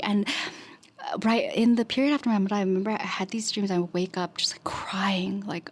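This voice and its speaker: A woman's voice: mid-range voice, normal speed. Hesitant woman recalling her own story. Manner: hesitant, with many restarts and soft asides. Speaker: podcast guest recounting her own experience. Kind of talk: personal recollection in casual talk.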